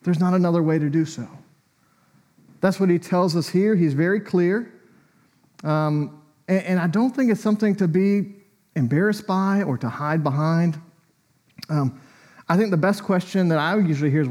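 A man's voice: on the high side, moderate pace, long pauses, darkish tone. A man preaching a sermon in a church, talking in a conversational, reflective way with small asides and fillers.

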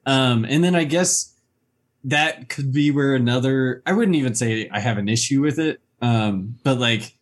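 A man's voice: medium pitch, normal speed. A man casually discussing a horror movie, hesitant and peppering his talk with fillers.

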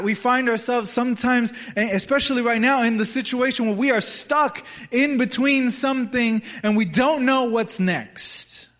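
High-voiced young male pastor preaching. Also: a bit bright. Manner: conversational, earnest, repeats words and restarts. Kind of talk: sermon.

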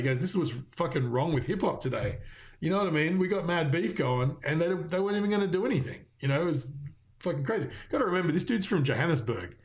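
A man in casual conversation, telling an anecdote with lots of swearing and quick quoted voices. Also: a little high. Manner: swears a lot, animated storytelling with quoted voices. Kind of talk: casual chat.

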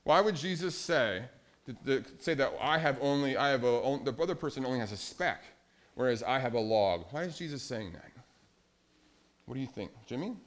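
A man's voice: mid-range voice, normal speed. A man, a pastor, giving a children's sermon in a church and asking the kids questions as he goes. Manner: animated, asks children questions. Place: church sanctuary.

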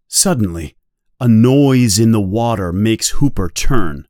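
A man reads a novel aloud slowly and clearly, pacing it for English learners. His pitch rises and falls with lively expression. The voice sits close to the mic in a dry, dead space. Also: dry recording. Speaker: reader. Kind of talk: slow guided reading for English learners.

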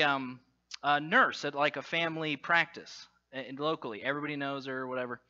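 A man addressing a congregation, telling a self-deprecating personal story with lots of fillers and animated storytelling. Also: fairly high pitch, brisk, dull audio. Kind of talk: humorous personal story in a talk.

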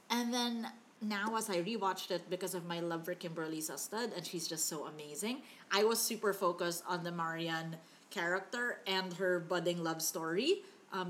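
A woman in a casual movie review chat, ranting with open exasperation and swearing freely. Her voice sits at an ordinary middle pitch, and her complaints come out blunt and heated. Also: slight background noise. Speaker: podcast co-host.

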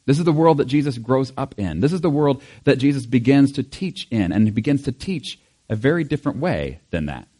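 A man preaching to a congregation in an easygoing, animated way. His voice sits in an ordinary middle pitch, and he talks the way friends chat, acting out quotes as he goes. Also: brisk. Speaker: pastor. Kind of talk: sermon.

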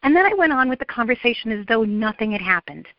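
A woman's voice: a little high, very animated, quick pace, no room sound, muffled recording. A middle-aged woman therapist talking earnestly in a podcast interview, with frequent ums and acted-out quotes. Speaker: therapist and guest.

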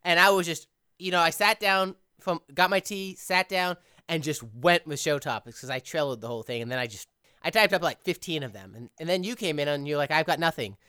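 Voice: mid-range voice, fairly quick, sharp tone, clear, resonant tone, no room sound, studio quality. A podcast host who edits the show, chatting casually in long, reflective run-on thoughts. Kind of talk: casual chat.

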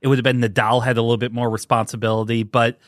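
A man's voice: medium pitch, flat delivery, racing, no echo, clean studio sound. A man from Ohio hosting a casual podcast, jokey and laughing at his own bits. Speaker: podcast host. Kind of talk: casual chat.

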